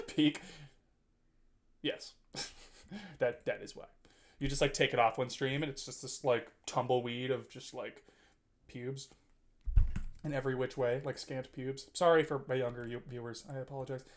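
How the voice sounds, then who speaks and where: A man's voice: mid-range voice, fairly even intonation, a little slow, pauses often. A man in his twenties chatting casually on a live stream, rambling and teasing his chat with frequent laughs and filler words. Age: 20s.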